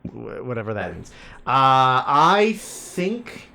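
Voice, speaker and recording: A man's voice: mid-range voice, big pitch swings, takes it slowly, gravelly, bright, forceful tone. A man co-hosting a podcast in casual banter, rambling, swearing and laughing often. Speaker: podcast co-host.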